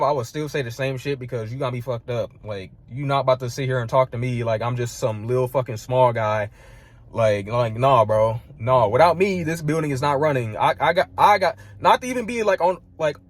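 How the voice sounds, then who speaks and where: There's no room sound on this young man's slightly high voice. A vlogger, he delivers a heated storytelling rant about a clash at work, cursing and leaning constantly on "like" and "bro."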